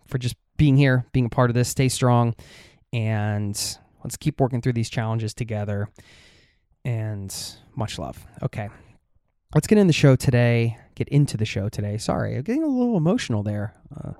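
A man's voice: mid-range voice, darkish tone, clear, resonant tone, no room sound, clean studio sound. A man hosting a travel podcast, talking in an earnest, heartfelt way with frequent fillers. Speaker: podcast host. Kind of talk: casual podcast chat.

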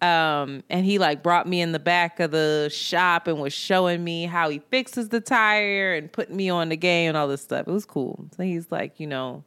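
Female co-host, casual chat; animated storyteller who laughs and swears. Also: lowish voice, moderate pace, hardly any pauses, clean tone. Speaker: podcast co-host. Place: Brooklyn, New York.

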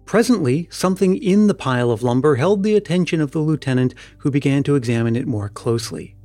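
A man narrating an audiobook in a steady, measured storytelling manner. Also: on the high side, no room sound, soft background music. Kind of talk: scripted narration.

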